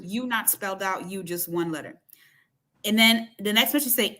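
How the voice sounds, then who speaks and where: A woman's voice: mid-range voice, normal speed, bright, forceful tone. A woman co-hosting a casual chat show, reading messages aloud with mock precision and trading frank, laughing banter. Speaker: co-host.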